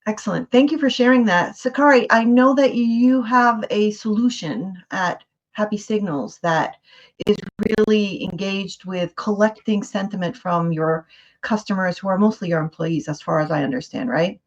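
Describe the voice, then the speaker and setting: A woman's voice: medium pitch, moderate pace. Enthusiastic woman host, dull lo-fi sound. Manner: encouraging, enthusiastic reactions. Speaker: host and moderator. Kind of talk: moderating a panel discussion. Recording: dull lo-fi audio.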